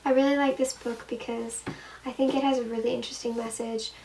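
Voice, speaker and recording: A woman's voice: fairly high pitch, level tone, a little fast, warm tone. Young female vlogger, casual and giggly, recorded from a distance. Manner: giggly, chatty, self-deprecating. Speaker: vlogger answering fan questions. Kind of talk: casual chat. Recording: from the mic, faint room noise.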